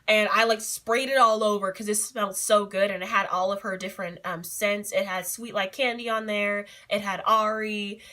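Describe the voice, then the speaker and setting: A young adult woman vlogger telling a story in a casual, excitable and giggly way, with many fillers. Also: mid-range voice. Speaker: beauty vlogger.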